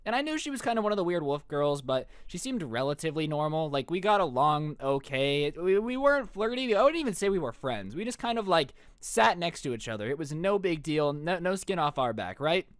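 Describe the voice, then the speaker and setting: Lively, joking young man telling a story. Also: on the high side, a little fast, hardly any pauses, clean tone, no room sound, clean studio sound. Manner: animated, joking, slangy, with mock-incredulous asides. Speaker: streamer. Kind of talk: casual storytelling on a livestream.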